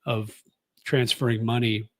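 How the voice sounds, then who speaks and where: Here a US vlogger in his sixties responds to viewer comments in relaxed, meandering chat full of fillers and restarts. His mid-range voice is flat and slightly bright, his pace measured, and there's no room sound at all.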